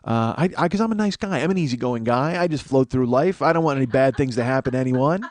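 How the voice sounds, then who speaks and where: A man's voice: medium pitch, fast, a little mellow, dry recording. A man hosting a comedy podcast, telling a long rambling story in a profane, self-mocking way. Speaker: podcast host. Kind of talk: comedic monologue.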